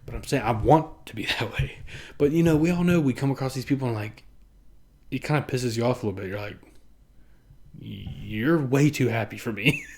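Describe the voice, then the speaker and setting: A young man talks to camera in a loose, rambling vlog. His pitch sits at an ordinary middle level for a man. He swears freely, mocks himself and laughs often as he goes. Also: a little mellow. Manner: rambling, profane and self-mocking, often laughing; acts out other people in quick put-on voices. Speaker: vlogger. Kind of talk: casual monologue to camera.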